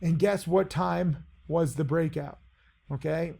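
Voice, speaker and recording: A man's voice: on the high side, slow, creaky, darkish tone, breathy edge. A man giving a casual video lesson on trading, brash, boastful and blunt. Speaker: trading teacher.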